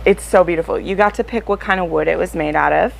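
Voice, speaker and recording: Chatty woman book vlogger, lowish voice. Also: fast talker, vocal fry, low-quality recording. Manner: chatty and excitable, with frequent fillers. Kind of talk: casual chat to camera.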